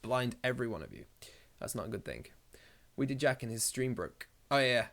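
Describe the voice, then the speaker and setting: A man chatting on his live stream in a loose, rambling way, reading viewer comments and firing off jokes. He swears freely and goes off on tangents, with a middle-pitched voice. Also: big pitch swings, brisk, creaky, fairly bright tone.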